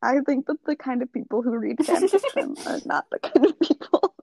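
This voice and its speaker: A woman's voice: high-pitched, lively intonation, normal speed, gravelly, mellow, poor audio. A woman co-hosting a podcast in casual chat, making dry, teasing remarks. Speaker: podcast co-host.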